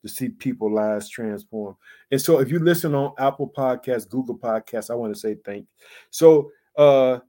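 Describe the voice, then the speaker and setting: A man preaching an exuberant podcast sermon as a pastor, repeating exclamations and breaking into shouts of praise. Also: mid-range voice, moderate pace.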